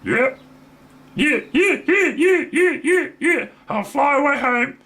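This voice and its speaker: A man with a New Zealand accent voicing a chirpy, playful male toy penguin in a squeaky voice that repeats itself quickly. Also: bright, forceful tone, full character voice. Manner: squeaky, repeats "yeah" rapidly, giggly.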